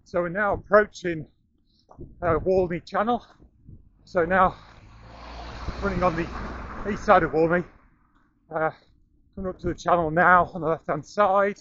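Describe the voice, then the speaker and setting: A middle-aged running vlogger, slightly out of breath, jogs through town and over a bridge, offering a running commentary laced with dry, self-deprecating humour. His high voice stays fairly even and bright, unhurried with frequent pauses. The action camera he carries gives a muffled recording with slight background noise.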